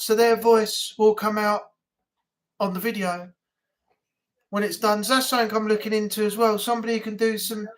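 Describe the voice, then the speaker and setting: A man with a northern English accent hosting a casual weekly live chat stream, rambling easily with plenty of fillers. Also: sits high. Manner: rambling, relaxed, with many fillers. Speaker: livestream chat host.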